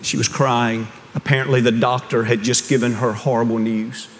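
A man preaching a sermon, telling stories in a hushed voice that rises to fervent emphasis. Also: mid-range voice, little pitch movement, normal speed, slight background noise. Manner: storytelling, swings from hushed to rising fervor. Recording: long hall reverb.

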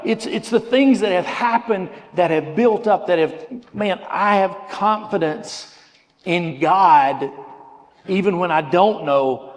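Earnest preacher in a reverberant hall. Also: male voice, on the high side. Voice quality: earnest, repeats words as he searches for them. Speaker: pastor. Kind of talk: sermon.

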